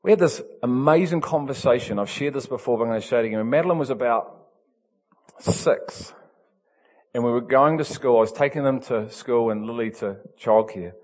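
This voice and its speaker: A male pastor, preaching in an animated, emphatic way that swings from loud to soft. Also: medium pitch, fairly quick, long reverb tail. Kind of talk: storytelling sermon.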